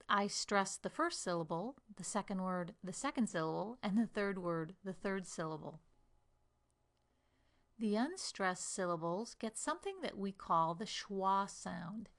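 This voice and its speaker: An American woman giving a pronunciation lesson, speaking slowly and deliberately and stretching syllables to demonstrate them. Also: mid-range voice, fairly bright tone. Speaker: accent coach.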